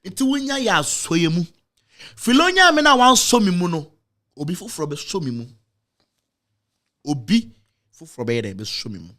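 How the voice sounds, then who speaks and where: This Ghanaian-accented man has a bright, forceful, sing-song delivery at a moderate pace, broken by long pauses. Emotional and repetitive, with big pitch swings, he recounts a personal story while moving back and forth between Twi and English.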